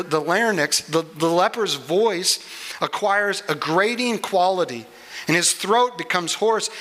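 A man preaching a sermon, earnest and unhurried, with small restarts as he explains a Bible passage. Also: high voice, bright, forceful tone, low-quality recording. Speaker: pastor.

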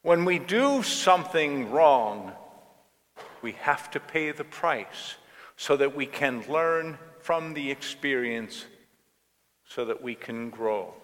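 A male pastor delivering a sermon at a very unhurried pace, his mid-range voice telling a story. The church around him adds a long, trailing reverb. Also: medium pitch, animated, fairly bright tone.

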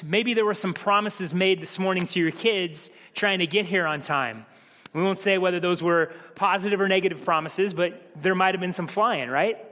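A male pastor with a high-pitched voice preaches in a relaxed, humorous way, talking straight to his congregation. His voice rings with the long reverb of a church hall. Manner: humorous, conversational, addresses the congregation. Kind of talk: sermon.

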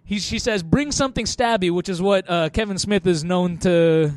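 A man's voice: high-pitched, fairly even intonation, moderate pace, darkish tone, no room sound. A man on a podcast casually recapping a movie, rambling with lots of fillers and frequent laughter. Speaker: podcast co-host.

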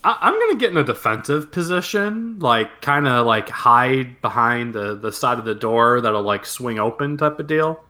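A man's voice: medium pitch, expressive, moderate pace, few pauses, pushed and bright. A man playing a tabletop game, laid-back and rambling with fillers. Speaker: player. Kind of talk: casual tabletop game chat.

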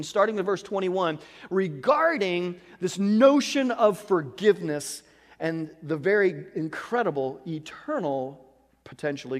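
A male pastor preaches with a lively, swooping delivery in a fairly high voice. He moves between forceful emphasis and quiet asides. The sound carries a long reverb from a large hall. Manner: animated preaching, shifting from loud to hushed. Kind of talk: sermon.

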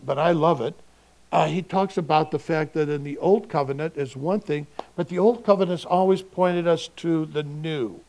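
A male pastor giving a sermon in a relaxed, conversational way, asking his listeners rhetorical questions. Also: on the high side, creaky.

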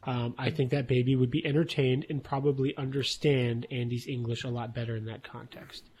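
A man co-hosting a casual podcast, cracking dry jokes and pausing often with "uh". His voice sits at a middle pitch and stays conversational. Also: flat delivery, darkish tone, breathy edge. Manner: joking, hesitant with many uhs. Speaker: podcast co-host. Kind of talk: casual chat.

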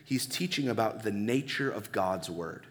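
A man's voice: on the low side, animated, normal speed. A male pastor preaching a sermon in a conversational way, asking his listeners many rhetorical questions. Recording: long reverb of a large hall.

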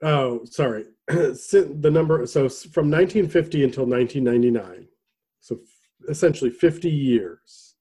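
A man co-hosting a casual podcast chat, rambling with restarts and throat clearing. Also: mid-range voice, animated, normal speed, dark tone. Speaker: podcast co-host.

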